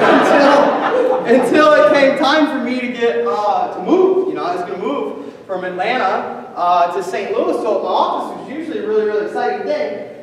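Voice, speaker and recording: A man giving a casual storytelling talk to an audience, animated, swearing often and laughing as he goes. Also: extremely high pitch, a little slow, background noise. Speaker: speaker at a training event. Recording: echoey hall, distant mic, audience.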